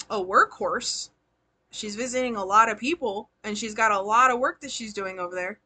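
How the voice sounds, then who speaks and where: A woman's voice: medium pitch, pushed and bright. A woman giving tarot readings on a live stream, chatty and slangy, laughing often as she talks to her sitters. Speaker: tarot reader and spiritual healer.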